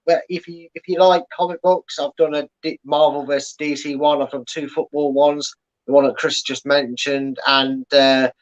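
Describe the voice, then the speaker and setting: Chatty man on dull lo-fi audio. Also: medium pitch. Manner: chatty, filler-heavy, explanatory. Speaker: podcast host guest. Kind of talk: casual chat.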